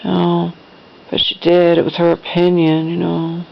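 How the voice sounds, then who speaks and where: Middle-aged woman vlogger, emotional rambling storyteller, slight fry, muffled low-fi sound. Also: completely flat delivery, moderate pace, a little hiss or hum. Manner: rambling, emotional retelling with restarts. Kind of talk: personal storytelling to camera.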